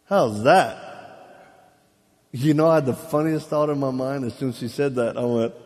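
A man's voice: mid-range voice, moderate pace, long pauses. A man preaching a live sermon, telling stories with jokes, laughing at himself and acting out the voices of people he quotes. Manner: lively, joking, acts out quoted voices; laughs at his own jokes. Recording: long hall reverb.

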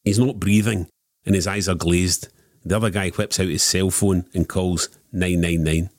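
A man's voice: low-pitched, steady tone, moderate pace, darkish tone, no room sound, studio quality. A man hosting a podcast, steering a casual chat and reading out jokes. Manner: leads the talk and tells jokes from lists. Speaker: podcast host.

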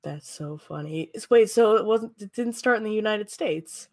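A woman's voice: mid-range voice, normal speed, darkish tone, no echo. A woman chatting casually as a podcast co-host, making sarcastic, jokey guesses and laughing often. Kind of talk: casual chat, guessing at quiz questions.

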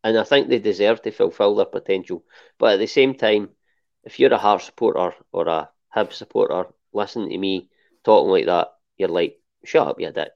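Gravelly, hesitant man. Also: fairly low pitch, moderate pace, darkish tone, highs cut off. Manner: hesitant, swears casually. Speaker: podcast co-host. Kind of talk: casual football chat.

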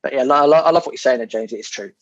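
A man's voice: medium pitch, racing. A man, a guest on a podcast, chatting casually and animatedly about property, swearing now and then and repeating his words. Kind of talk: casual interview chat. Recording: dull lo-fi sound.

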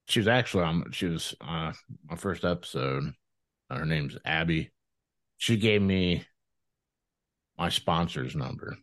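Man, deep low voice, dry close sound, rambling profane storytelling, thirties. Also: dry recording. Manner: rambling, profane, animated, frequent restarts. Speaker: podcast guest. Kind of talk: casual storytelling interview.

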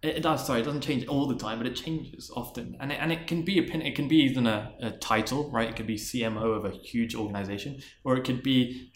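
A man's voice: medium pitch, steady tone, fast, few pauses, echoey room. A man, a marketing executive and interview guest, sharing a career story in an earnest, reflective way, often restarting and repeating words.

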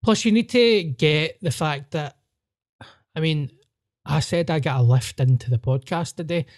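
Glaswegian man, podcast host, raised pitch, loose laughing swearing storyteller. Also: measured pace. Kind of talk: casual chat.

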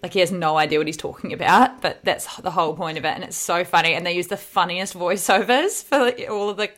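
A woman's voice: lowish voice, fast. Chatty young woman retelling a podcast. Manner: animated storytelling, laughs often. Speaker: podcast co-host. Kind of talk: casual chat.

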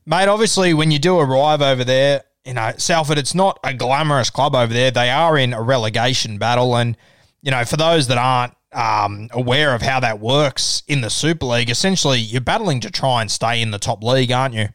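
Smooth-voiced podcast host. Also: male voice, medium pitch, a little fast, a bit bright, no echo, studio quality. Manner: friendly, matey, sets up questions with long lead-ins. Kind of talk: conversational interview.

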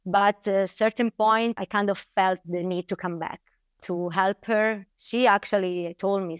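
A woman's voice: mid-range voice, steady tone, unhurried, smooth, no room sound, clean studio sound. An Italian woman with an Italian accent, a winery co-owner chatting casually as an interview guest, laughing often and restarting words. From Italy.

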